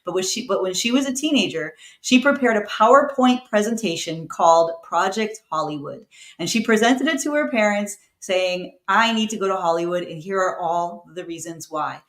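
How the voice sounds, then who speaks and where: A woman co-hosting a casual talk show, chatty and playful, quick to laugh. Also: medium pitch, animated. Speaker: co-host introducing the show. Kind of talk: casual chat. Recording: echoey room.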